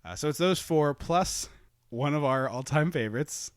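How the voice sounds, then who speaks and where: A man's voice: a little high, expressive, normal speed, clear, resonant tone, no room sound, studio quality. A man co-hosting a movie podcast, chatting casually and rambling into asides with frequent laughs. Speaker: podcast co-host.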